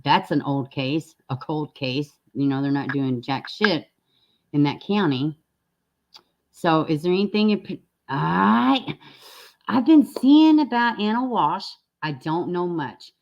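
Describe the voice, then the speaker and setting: A woman chats with her live stream audience in a low voice. She is folksy and affectionate, laughing often between thoughts. The sound is a little dull and lo-fi. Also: expressive, takes it slowly, creaky, a little mellow. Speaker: true crime live streamer. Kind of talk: casual live stream chat with viewers.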